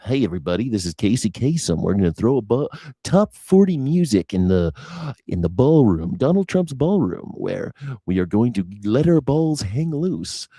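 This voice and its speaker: A man's voice: medium pitch, very animated, moderate pace, mellow, husky, dry recording. Man doing a mocking radio-host impression, dry and close. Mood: mock announcer. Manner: announcer-style patter, mocking. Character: smooth male radio countdown host.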